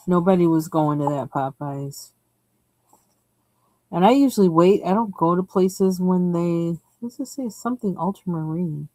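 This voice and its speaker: A woman's voice: on the low side, moderate pace, dark tone, no echo, low-quality recording. A woman hosting a coloring livestream, chatting casually and rambling while she picks colors. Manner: chatty and rambling, laughs often, trails off while searching for colors.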